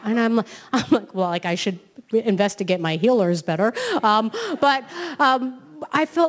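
A woman from New York City, a self-help author, giving an inspirational talk in a lively storytelling manner, often checking in with "right?". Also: fairly high pitch, a little fast.

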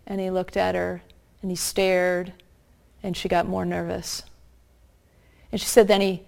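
A woman's voice: lowish voice, darkish tone. Earnest woman preaching a story. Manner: earnest, slows down for emphasis. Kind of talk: sermon storytelling.

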